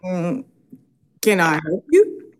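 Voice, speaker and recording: A woman voicing a calm, solemn male religious teacher, speaking slowly and gravely. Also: on the low side, slight background noise.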